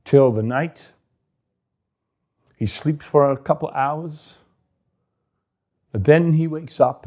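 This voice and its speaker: A man's voice: medium pitch, dark tone. A man casually retelling a scripture story with explanatory asides.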